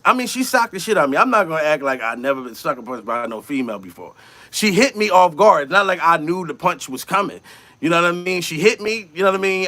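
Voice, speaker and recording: High-voiced profane male comedian storyteller. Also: no echo. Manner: profane, animated, acts out quotes in raised voices. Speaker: comedian, channel host.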